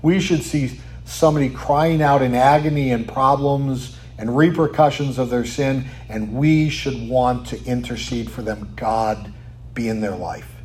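A man preaching a sermon, asking rhetorical questions and tagging lines with "right?", sometimes dropping to a quiet, almost whispered tone for emphasis. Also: medium pitch. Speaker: pastor.

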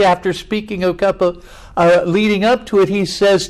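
A man's voice: sits high, little pitch movement, poor audio. A male preacher giving a sermon in a folksy way, drawing out words for emphasis. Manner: folksy, drawn-out emphatic phrasing.

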